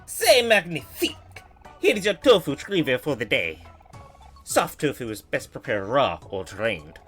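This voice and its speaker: A woman's voice: rumbling low, big pitch swings, unhurried, faint music behind, exaggerated voice. A woman voicing a theatrical chef mole in a video game with a shaky fake French accent that drifts to Australian. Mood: grand.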